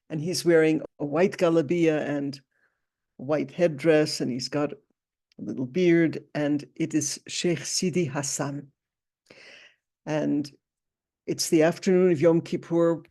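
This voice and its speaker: A woman recounts a personal story at a memorial gathering. Her voice is warm and mellow, and she speaks in a halting way, often circling back and repeating phrases. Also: sits low.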